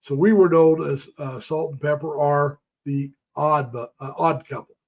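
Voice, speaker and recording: A man's voice: on the high side, steady tone, moderate pace, a little mellow. An older man hosting a casual live stream, telling rambling, folksy stories about the past and greeting viewers by name. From United States.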